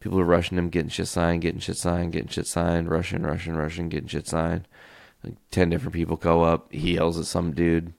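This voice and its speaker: Deep gravelly podcast host telling stories. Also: male voice, fairly quick, no echo, studio quality. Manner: animated, tells stories by acting out quoted voices; casual and loose, swears freely. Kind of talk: casual solo storytelling.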